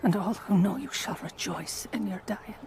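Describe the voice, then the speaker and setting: An actress playing a mysterious hooded fortune teller who speaks her prophecy slowly and in a hush in a TV drama. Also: medium pitch, noisy background, close to an everyday voice. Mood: ominous. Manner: slow, hushed prophecy. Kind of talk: TV drama acting.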